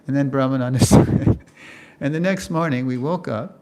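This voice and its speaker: An older man lecturing to a class, telling a story in an animated way, acting out quotes and laughing often. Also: medium pitch, moderate pace, clean tone.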